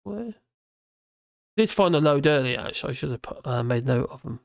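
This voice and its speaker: Tired, gravelly live streamer. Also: mid-range voice, lively intonation, no room sound, clean studio sound. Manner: rambling, halting, with many restarts. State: tired and mumbling. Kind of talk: casual live stream commentary reading out chat.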